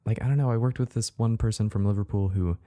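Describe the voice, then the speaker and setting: A young man from Texas, a guest on a casual podcast chat, easygoing and quick to laugh. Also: fairly low pitch, steady tone, warm tone, dry recording. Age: young adult.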